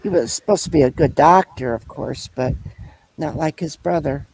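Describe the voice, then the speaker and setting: Creaky man reminiscing in casual chat. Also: a little high, darkish tone, poor audio. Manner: rambling reminiscence, halting, looping back to repeat points. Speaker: storyteller in a conversation.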